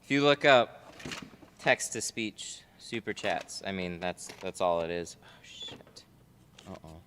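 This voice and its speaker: This window tinter, streaming live from a car tint shop, talks casually with viewers as he works and responds to their chat. His voice sits low with lively intonation, unhurried and a bit bright. There's a large-hall sound and slight background noise.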